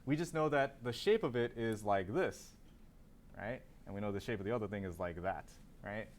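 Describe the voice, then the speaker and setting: There's slight background noise as a man with a lowish voice teaches a calculus lecture at normal speed. He quizzes the class, then answers his own questions and goes back over key terms.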